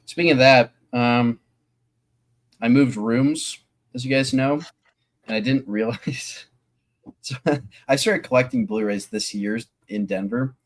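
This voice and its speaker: A man's voice: mid-range voice, fairly even intonation, a little slow, pauses often. A man co-hosting a movie podcast, chatting casually with a hesitant, self-deprecating manner. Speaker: podcast co-host. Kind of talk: casual chat.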